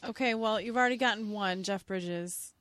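A woman co-hosting a casual movie review chat, blunt in her opinions and quick to laugh. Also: mid-range voice, a bit bright. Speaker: co-host.

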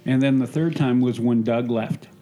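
A man's voice: mid-range voice, steady tone, moderate pace, dark tone. A man, a guest on a podcast, sharing emotional memories from a film set, with lots of fillers and a habit of saying "I'm like". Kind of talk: casual conversation.

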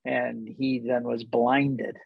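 A man's voice: mid-range voice, little pitch movement, slow, gravelly, slightly rough, no room sound, narrow, tinny audio. A man telling a personal story in conversation as a guest who leads tour groups, earnest and reflective and easily moved.

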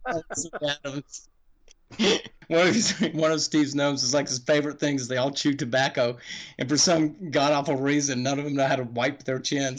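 A middle-aged man, a game designer guest, chatting casually on a podcast, rambling through stories with chuckles and restarted sentences. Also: medium pitch.

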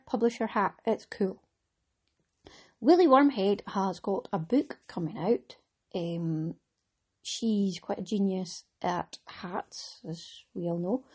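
A woman's voice: medium pitch, a little mellow, breathy edge. A middle-aged Scottish woman hosting a knitting podcast, talking in a chatty, rambling way with frequent laughs. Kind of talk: casual chat.

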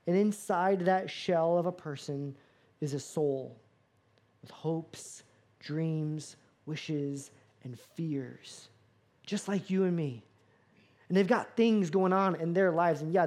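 Animated male pastor preaching. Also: fairly high pitch. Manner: animated, acts out dialogue with playful asides. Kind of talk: sermon.

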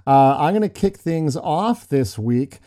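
Middle-aged male podcast host; warm, mellow voice; casual storyteller who restarts lines. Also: fairly high pitch, expressive, a little slow. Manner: chatty, storytelling with frequent restarts and laughs. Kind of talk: casual chat.

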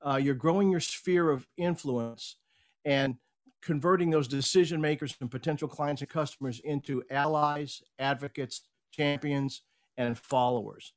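A middle-aged man speaks as an interview guest, his voice sitting a little higher than most men's. He tells a business story casually and with energy, acting out the lines he quotes. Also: normal speed. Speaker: podcast guest, speaker and coach.

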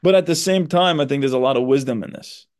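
At a quick pace, a man with a medium-pitched, somewhat mellow voice, a psychotherapist who hosts a podcast, reflects earnestly aloud. He explains things carefully and leans on certain words for emphasis.

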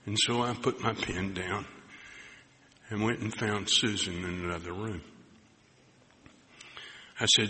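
A man preaching a sermon, telling a personal story, acting out the dialogue and dropping to soft near-whispers at tender moments. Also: lowish voice, fairly even intonation, normal speed, long pauses. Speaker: pastor. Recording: long hall reverb with faint background noise.

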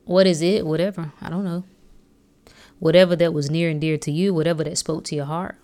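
A woman's voice: low voice, steady tone, a little fast, darkish tone. Woman podcast host, casual and preachy, slangy, lots of rhetorical questions. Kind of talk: casual motivational podcast talk.

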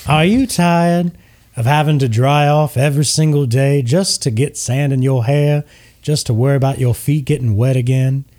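A man voicing a smooth male tiefling resort mogul with a slick showman's sales pitch. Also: steady tone, normal speed, a little mellow, natural voice. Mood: slick salesy.

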